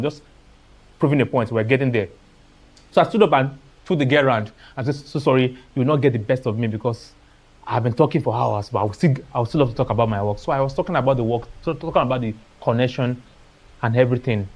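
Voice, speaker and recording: A man's voice: mid-range voice, quick pace, darkish tone. A man with a Nigerian accent giving a motivational seminar talk as an artist, telling stories and slipping into Pidgin phrases. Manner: storytelling, acting out dialogue, dropping into Pidgin phrases.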